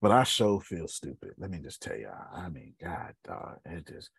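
A man with a low, husky voice hosts a podcast. He talks emphatically, repeats key phrases and calls listeners by name. The sound is close and dry. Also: sing-song, moderate pace, dry recording. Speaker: podcast host. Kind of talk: casual live coaching talk.

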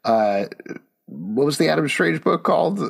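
A man co-hosting a podcast in casual chat, talking in an animated, jokey, rambling way. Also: fairly high pitch, unhurried, vocal fry, husky. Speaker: podcast co-host reviewing comics.

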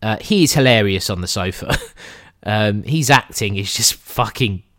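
Animated man in casual film chat. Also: fairly low pitch, moderate pace, dry recording, studio quality. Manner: laughs often, swears casually, rambling asides. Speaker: podcast co-host reviewing films.

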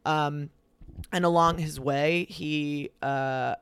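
A young man on a podcast, casually retelling a story in a loose, animated way, acting out the quoted lines and using lots of fillers. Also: fairly high pitch, slow, clean tone.

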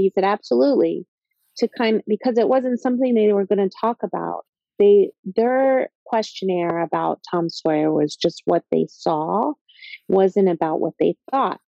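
A woman's voice: medium pitch, moderate pace, creaky, dark tone, no echo. A Mohawk woman, a podcast guest, telling a personal story in an earnest, reflective way. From Mohawk Nation, North America. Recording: slightly dull lo-fi sound.

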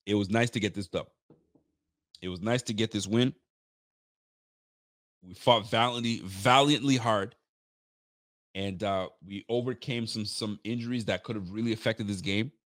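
A man's voice: on the low side, moderate pace, pauses often, fairly bright tone, no room sound, clean studio sound. A tired man hosting a live post-game reaction stream for a fan channel, hyped and rambling, trash-talking the rivals. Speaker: sports fan channel host.

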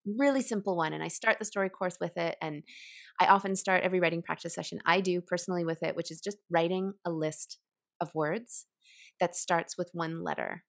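A woman who teaches writing, explaining a creative exercise in an animated, conversational way and laughing often. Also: fairly low pitch, fairly quick, vocal fry. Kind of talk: conversational podcast interview.

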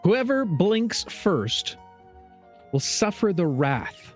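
A man's voice: sits high, big pitch swings, slow pace. Male DM, playful teasing narrator, very swooping melodic delivery, music under it. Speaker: dungeon master. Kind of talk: narrating a tabletop game with banter.

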